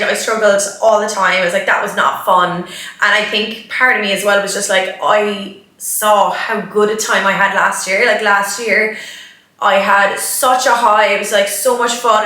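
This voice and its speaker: Young woman, vlogger, candid, emotional, filler-heavy, bright voice, very echoey room. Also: medium pitch. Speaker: vlogger, marathon runner. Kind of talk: reflective vlog talk.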